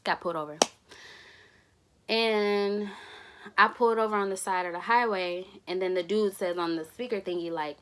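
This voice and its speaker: Animated young woman telling a story. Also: medium pitch, unhurried, pauses often. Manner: animated and laughing, acting out dialogue. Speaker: vlogger. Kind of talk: storytime vlog.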